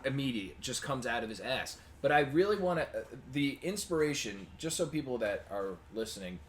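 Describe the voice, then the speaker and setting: A young man co-hosting a podcast, telling stories in a casual, profane, animated way and jumping loud for the parts he quotes. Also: mid-range voice, brisk. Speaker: podcast co-host. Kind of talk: casual storytelling chat. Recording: amateur podcast audio with faint noise.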